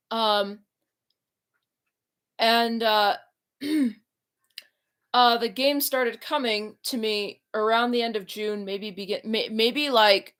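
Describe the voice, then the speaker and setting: A woman's voice: on the high side, fairly bright tone. A young woman talking casually as a YouTuber, rambling with many fillers and restarts into a computer mic. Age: young adult. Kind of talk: casual chat.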